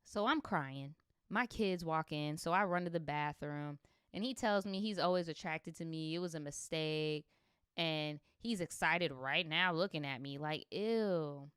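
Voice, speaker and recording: A woman's voice: low voice, normal speed, a bit bright, clean tone, dry recording, clean studio sound. A young adult woman streaming, reading viewer stories aloud and reacting with sassy, slangy, profane commentary. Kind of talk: livestream story reading with commentary.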